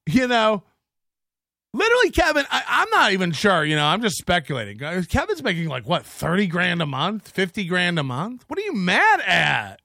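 A middle-aged man hosting his show in a profane, mocking rant that rambles from point to point. His voice rides high and swoops around with a bright edge. It is recorded dry on a close mic. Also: wildly swooping pitch, moderate pace, creaky, no room sound. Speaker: podcast host. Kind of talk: casual rant reading chats.

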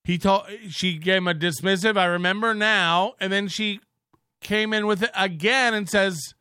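A man's voice: high voice, normal speed, bright, forceful tone, smooth, no room sound, clean studio sound. A male host giving crude, sarcastic commentary on stream clips and mimicking the people in them.

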